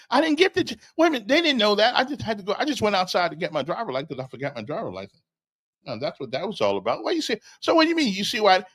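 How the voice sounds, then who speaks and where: Rambling older man, high lively voice. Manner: rambling storyteller, stammers and repeats words; chuckles often and talks directly to a listener. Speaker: host. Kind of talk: casual livestream chat.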